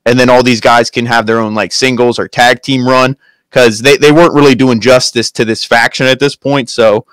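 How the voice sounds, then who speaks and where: A male co-host talks in an opinionated, chatty way, his voice sitting at an ordinary middle pitch. The sound is dry and close, with no room around it. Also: fairly even intonation, normal speed, a bit bright, clear, resonant tone, dry recording. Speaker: wrestling show co-host. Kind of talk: casual chat.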